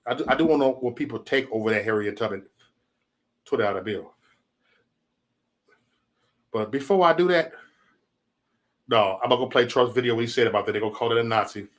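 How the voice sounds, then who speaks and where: A man's voice: mid-range voice, brisk, pauses often. A man hosting his own livestream, talking in a loose, profane, rambling way and telling stories with a lot of animation. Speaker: livestream host. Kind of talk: casual livestream rant.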